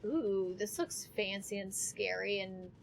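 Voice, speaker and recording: A woman streaming a game live from home, reacting with excitable, alarmed exclamations as she plays. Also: medium pitch, slow, creaky, a little hiss or hum. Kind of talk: live gameplay commentary.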